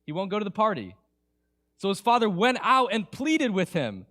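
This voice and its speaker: A male pastor preaching to his congregation in an informal, conversational way. His voice sits a little on the high side. He moves between hushed, intimate stretches and lively, emphatic ones. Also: moderate pace. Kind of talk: sermon. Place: church.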